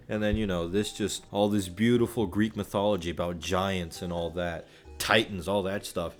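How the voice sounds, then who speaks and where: A young man giving casual, joking reaction commentary as a YouTuber, animated and full of swearing. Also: sits low, moderate pace, hardly any pauses, faint music behind.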